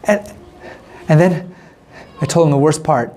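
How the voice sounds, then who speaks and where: Young male storyteller, high voice, animated first-person tale for kids. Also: a little slow, pauses often. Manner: animated, playing a nervous spy, many restarts. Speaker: storyteller for kindergarten class.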